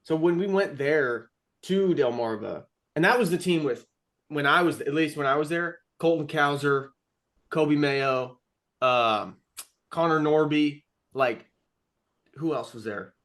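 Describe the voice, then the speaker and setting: A man's voice: a little high, unhurried. A young man co-hosting a podcast, telling stories casually and acting out the quotes. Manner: animated storytelling with acted-out quotes. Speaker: podcast co-host. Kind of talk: casual chat.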